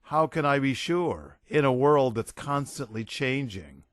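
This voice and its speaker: A man's voice: medium pitch, animated, measured pace, no echo, studio quality, lightly acted. A man voicing a laid-back, wisecracking rock musician with an offhand, sarcastic way of talking. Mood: musing.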